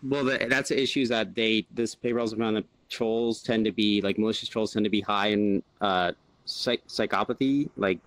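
A man hosting a casual panel discussion, measured as he explains research findings. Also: fairly low pitch, steady tone, fairly bright tone, dry recording.

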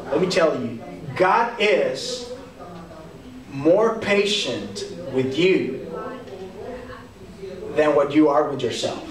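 A young man with a Texan accent leads a youth sermon in a casual, animated way, acting out little quotes. His voice sits high. It echoes around a church hall, heard from some distance. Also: slow, long pauses, a crowd in the background. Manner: animated, conversational, acts out quotes. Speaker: youth pastor. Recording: echoey hall, speaker off-mic. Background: audience answering now and then.

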